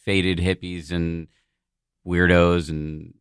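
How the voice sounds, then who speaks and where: A man's voice: low-pitched, flat delivery, slow, smooth, no echo, clean studio sound. A man guesting on a podcast, telling a personal story in a candid, self-deprecating way with the odd swear word. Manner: frank and profane, self-deprecating.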